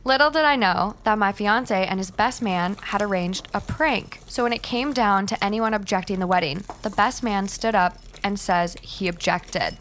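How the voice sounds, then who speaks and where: Woman reading a confession post, steady. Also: medium pitch, normal speed, hardly any pauses, slight background noise. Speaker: reader of an online post.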